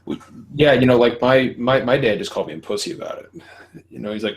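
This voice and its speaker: A man in his thirties hosts a casual podcast conversation, talking quickly in a mid-range voice on a low-quality recording. He's candid, swears a lot, and laughs often.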